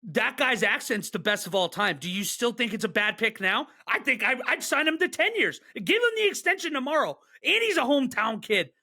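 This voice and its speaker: Male podcast co-host, bright and sharp-toned, excitable and quick to rant. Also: extremely high pitch. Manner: excitable, joking, fast rants. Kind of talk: casual sports chat.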